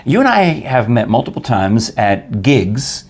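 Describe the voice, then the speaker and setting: A man's voice: medium pitch, big pitch swings, measured pace, slightly rough. An older man from New York hosting a casual interview show, chatty and rambling, laughing often. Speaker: talk show host.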